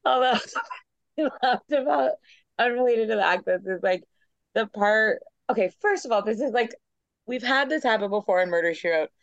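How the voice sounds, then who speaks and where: A woman's voice: fairly high pitch, animated, moderate pace, dry recording. A woman co-hosting a casual podcast chat, rambling into asides and laughing as she talks. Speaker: podcast co-host. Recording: dull dry lo-fi audio.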